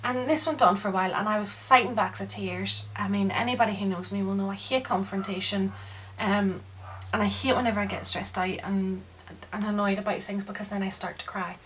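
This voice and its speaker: A woman talks straight to camera in a casual rant. She sounds frustrated as she retells a string of exchanges and acts out each side of the conversation. Her voice sits at an ordinary middle pitch. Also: a little fast, a little hiss or hum, rough recording. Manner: frustrated, retelling events with lively quoted dialogue. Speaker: vlogger. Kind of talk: casual ranting monologue.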